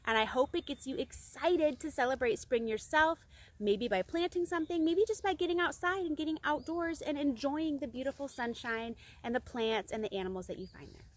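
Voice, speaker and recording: A woman reading a picture book aloud to children outdoors, expressive and chatty with her young listeners. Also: high-pitched, a little fast. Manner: bright, expressive storyteller talking to kids. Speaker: children's storytime reader. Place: outdoors among singing birds.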